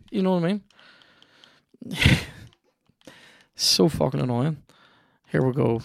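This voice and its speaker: A man's voice: a little high, lively intonation, unhurried, vocal fry, long pauses, no room sound, clean studio sound. A man hosting a podcast, chatting casually and swearing as he rambles and reacts aloud to a video game he is playing. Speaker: podcast host.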